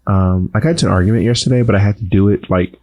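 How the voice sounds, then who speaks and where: A man co-hosting a casual chat, speaking softly and holding back his voice after surgery, teasing and mock-indignant. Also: fairly low pitch, very fast, dull audio. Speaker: podcast co-host.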